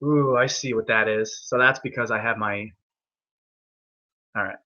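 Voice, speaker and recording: A man's voice: fairly low pitch, steady tone, a little slow, pushed and bright, highs cut off. A young man hosting an online hangout, telling a rambling, profane story full of restarts. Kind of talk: rambling casual chat.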